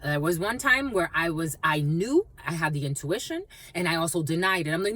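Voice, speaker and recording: A woman's voice: brisk, few pauses, no room sound, low-quality recording. A woman giving a casual spiritual tarot reading to her viewers, talking freely, repeating phrases and calling them "my lovies". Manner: animated, swoops high and drops low, repeats phrases, calls listeners "my lovies". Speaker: tarot reader.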